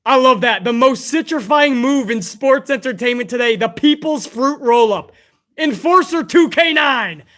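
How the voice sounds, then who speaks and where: Stream host: man, hoarse, very high and bright, excitable, swears freely while reading fan messages. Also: moderate pace. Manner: profane, excitable, chummy. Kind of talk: casual livestream commentary, reading fan messages.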